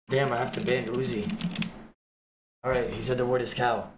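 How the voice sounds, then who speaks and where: A man livestreaming, joking with his chat in loud, swearing banter. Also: mid-range voice, little pitch movement, normal speed, pauses often, roomy sound, slight background noise.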